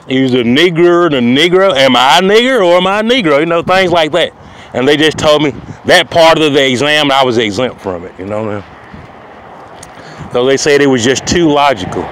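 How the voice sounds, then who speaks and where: A man talking to camera in a long, rambling monologue outdoors, circling back to the same phrases and asking whether he's understood. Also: a little high. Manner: repetitive, keeps asking "you know what I mean". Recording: loud outdoor street noise.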